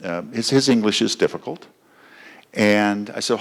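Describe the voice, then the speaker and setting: Candidate, man, lowish voice, loose anecdotal stump speech with plenty of "uh"s. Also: normal speed, gravelly. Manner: conversational, anecdotal, with frequent fillers. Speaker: political candidate. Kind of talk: campaign speech at a fundraiser. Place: fundraiser gathering.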